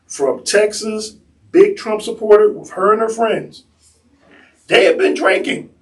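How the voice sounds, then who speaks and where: A man who works as a tour guide, telling stories in an animated way and acting out the people he quotes. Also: high voice, a little slow, distant mic, low-quality recording. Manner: acts out the people he quotes in bursts. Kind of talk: animated storytelling.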